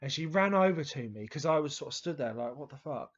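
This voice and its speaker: A man's voice: a little high, animated, quick pace, dull audio. A man telling childhood stories to camera in a casual, rambling way, with frequent restarts, fillers and the odd swear word. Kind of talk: casual storytelling monologue.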